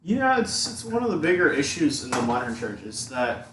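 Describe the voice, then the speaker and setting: A man's voice: mid-range voice, sing-song, moderate pace. A young man with a mid-range voice talks earnestly and steadily in a casual baking chat. He is recorded at a distance in an echoey home kitchen, with faint background noise. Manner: earnest, explains his views steadily. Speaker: co-host of baking video. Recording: echoey room, from far off mic, faint noise.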